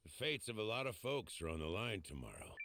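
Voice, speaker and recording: An actor playing a gruff, friendly male mercenary in a game, with easygoing, teasing banter. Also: fairly low pitch, very animated, fairly quick, background noise. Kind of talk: game voice acting.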